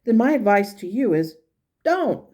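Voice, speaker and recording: A woman's voice: mid-range voice, very animated, a little slow, mellow, voice pushed up. A woman voicing a blunt but caring spirit guide as she reads its messages aloud. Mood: encouraging. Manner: blunt, encouraging, exasperated at times. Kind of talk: reading channeled messages aloud.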